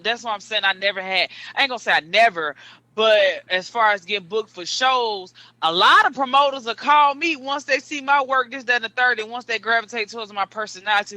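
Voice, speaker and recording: Comedian guest, man, high and piercingly bright, animated slangy storyteller, dry sound. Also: no echo. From Southern US. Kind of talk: casual interview chat.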